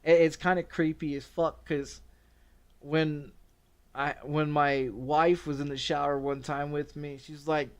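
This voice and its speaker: Middle-aged guy streamer rambling thru a wild story, swears a lot, laughs a bunch, voice a bit high. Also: level tone, a little slow, clear, resonant tone. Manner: rambling, profane, laughing often. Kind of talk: casual storytelling.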